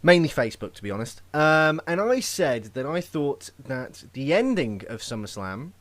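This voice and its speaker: A man's voice: mid-range voice, a bit bright, no room sound. A young man hosting a casual podcast, joking and rambling in a loose, chatty way. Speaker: podcast host.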